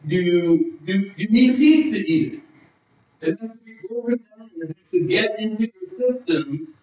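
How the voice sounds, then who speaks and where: A man's voice: sits high, darkish tone. Preacher man echoing through a hall. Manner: storytelling, halting restarts, rising emphasis. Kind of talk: sermon. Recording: distant, roomy, muffled hall sound.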